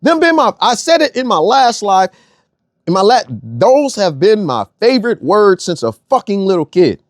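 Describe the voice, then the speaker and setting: A man's voice: high-pitched, big pitch swings, normal speed, no echo, studio quality. A young man delivering a blunt, profane rant as an online commentator, repeating phrases for emphasis. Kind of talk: ranting monologue.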